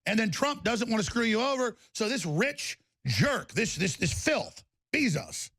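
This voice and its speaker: Gravelly, high-pitched angry talk radio man. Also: lively intonation, measured pace, a bit bright, no room sound. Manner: angry, aggressive, repetitive ranting. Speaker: radio talk show host. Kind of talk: live talk radio rant with product ads.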